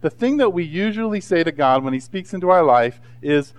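A man in his thirties preaching a sermon, animated and conversational, acting out asides in different voices. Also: on the high side, brisk, hardly any pauses. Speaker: pastor.

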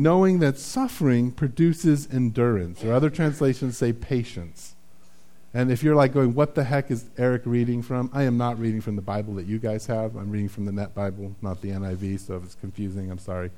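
A man's voice: medium pitch, brisk, mellow. A man preaching a sermon in a conversational, self-deprecating way, often checking in with "right?". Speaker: pastor.

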